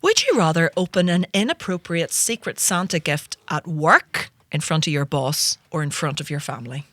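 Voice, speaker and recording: A Northern Irish woman in her forties hosts a comedy podcast, her low-pitched voice at normal speed in a dry recording. She's an animated storyteller in casual comedic chat, laughing often.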